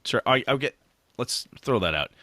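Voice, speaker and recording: A man's voice: medium pitch, very animated, normal speed, pushed and bright, no echo. A man co-hosting a casual gaming podcast, talking frankly and swearing now and then. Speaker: podcast co-host.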